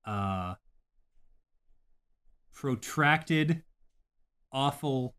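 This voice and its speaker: Man, podcast co-host, casual gaming chat, animated, swears a lot, mid-pitched voice. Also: drawn-out words, smooth. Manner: animated, swears freely, ranting about games.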